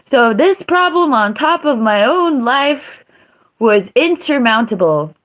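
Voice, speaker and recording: Female streamer, unhurried, blunt and profane storyteller. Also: high voice, sing-song, fairly bright tone. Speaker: live streamer. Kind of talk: casual storytelling.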